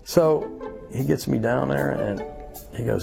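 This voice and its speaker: A man's voice: mid-range voice, fairly even intonation, normal speed, creaky, music in the background. A man from Louisiana, a baseball bat maker, telling a story as a guest and acting out what other people said. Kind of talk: storytelling interview.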